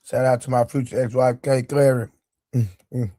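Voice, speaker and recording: This livestream host is a man with a medium-pitched, level, dark voice at normal speed, recorded at studio quality with no echo. Loose and joking, he greets his viewers by name and addresses his chat directly, all while nursing a sore leg and eating on stream.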